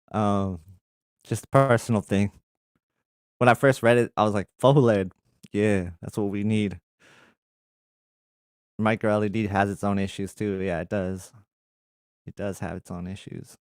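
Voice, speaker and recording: A young adult man talks loosely through viewer comments, circling back with plenty of ums and likes. His voice sits a little low and comes across smooth and resonant. The sound is dry and close, with no room around it. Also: steady tone, moderate pace, pauses often, no echo. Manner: conversational, reads comments aloud then rambles with fillers. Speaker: tech channel host answering viewer comments. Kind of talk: casual live chat.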